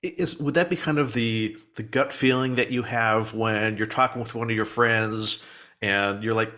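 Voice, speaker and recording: A man hosting a podcast, asking thoughtful, halting questions. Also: fairly low pitch, steady tone, sharp tone. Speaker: podcast host. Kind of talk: casual interview questions.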